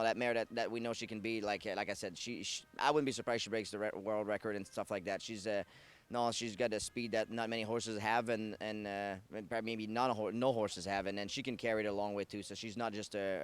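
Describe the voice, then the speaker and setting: Fast-talking French-Canadian man, smooth voice. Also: lowish voice. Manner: rambling, self-correcting, many fillers. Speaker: harness racing driver, guest. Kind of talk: casual interview storytelling.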